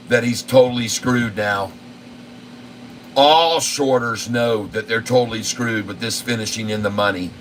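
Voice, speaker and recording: A channel host delivers live stock market commentary in a medium-pitched, measured voice, insistently and repetitively reeling off long lists of prices. The mic is distant, with a faint air conditioning hum behind him.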